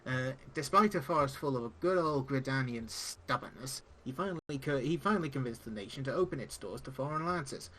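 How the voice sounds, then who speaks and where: A man's voice: mid-range voice, sharp tone, a little hiss or hum, natural voice, low-quality recording. Biscaran, a salty pirate-voiced tavern keeper done by a man. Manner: pirate-esque speech with dropped g's and "aye". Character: gruff salty old male tavern keeper and ex-lancer. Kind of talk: reading game dialogue aloud on stream.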